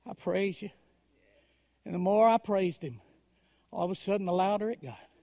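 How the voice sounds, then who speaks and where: A man preaching a story-driven sermon, dropping to a hush and then rising to loud, dramatic swells. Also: high-pitched, moderate pace, creaky. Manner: dramatic, swings from hushed to shouting.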